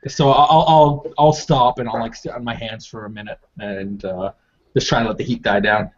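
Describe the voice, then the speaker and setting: Male player, middle pitch, halting and filler-heavy; lo-fi call sound. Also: fairly even intonation. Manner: hesitant, stop-start with fillers. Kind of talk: casual tabletop game play. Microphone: video call. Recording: dull lo-fi call audio.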